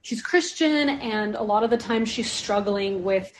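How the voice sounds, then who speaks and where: A woman chats on a podcast in a loose, rambling way, peppering her sentences with "like". Her voice sits at an ordinary middle pitch for a woman. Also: a little slow, a little hiss or hum. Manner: rambling, heavy use of "like". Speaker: podcast guest or host. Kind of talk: casual podcast chat.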